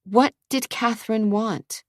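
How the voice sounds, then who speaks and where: A woman's voice: a little high, slow pace, no echo, studio quality, pitched above the performer's own voice. A woman reading an audiobook, voicing a tense young woman who asks anxious, pressing questions in a raised voice. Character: tense young woman searching for her mother.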